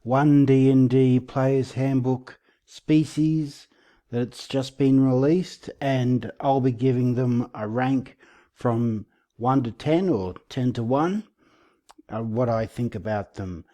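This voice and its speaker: Male video host, warm low-key tone, easygoing sarcastic delivery. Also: slow pace. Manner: relaxed, self-aware, a bit sarcastic. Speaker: channel host. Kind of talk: casual commentary video.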